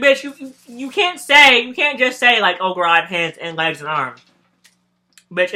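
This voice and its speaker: A man's voice: high voice, bright, forceful tone. A young man hosting a casual storytime podcast while snacking, sassy and profane, rambling from one tangent to the next and calling his listeners "girl". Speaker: podcast host.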